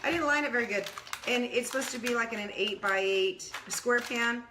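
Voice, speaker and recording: A woman's voice: on the high side, normal speed, echoey room, noisy background. A middle-aged woman co-hosting a casual cooking vlog, chatty and giggly, sometimes talking with her mouth full. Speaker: co-host. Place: home kitchen.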